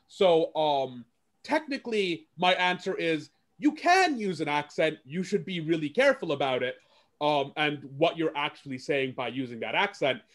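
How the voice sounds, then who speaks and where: A man speaking on a panel discussion in a careful, measured, hedging way. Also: a little high, very animated, fairly bright tone.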